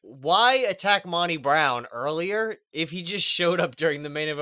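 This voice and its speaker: A man's voice: on the high side, animated, normal speed, sharp tone. A man co-hosting a casual chat, talking sarcastically and mocking things in put-on quotes. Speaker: podcast co-host.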